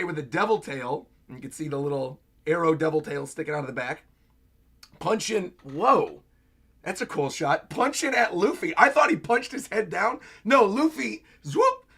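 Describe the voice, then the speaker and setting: A young man hosting a manga reaction livestream, giving animated commentary with lots of laughing. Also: fairly high pitch. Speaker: channel host.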